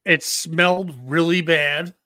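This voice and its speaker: High, bright-voiced man telling crude stories. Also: slow pace, no room sound, studio quality. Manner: rambling, profane, animated. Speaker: podcast co-host. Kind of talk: crude casual storytelling.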